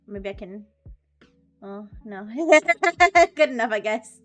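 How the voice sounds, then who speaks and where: A woman's voice: mid-range voice, fairly even intonation, slow, dull audio. A woman streaming live and chatting casually, giggly, with frequent restarts, with faint music behind.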